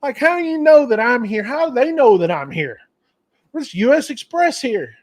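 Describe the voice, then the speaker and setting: High-voiced rambling man telling a story. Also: very animated, moderate pace. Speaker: trucking channel host. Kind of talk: casual storytelling livestream.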